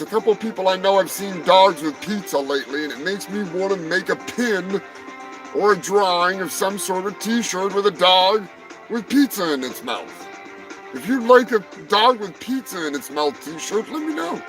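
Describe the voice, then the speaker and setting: A man hosting a live stream, riffing on animal news in a rambling, profane, jokey way, swinging between loud outbursts and muttered asides. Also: sits high, low-quality recording. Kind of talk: profane comedic news rant.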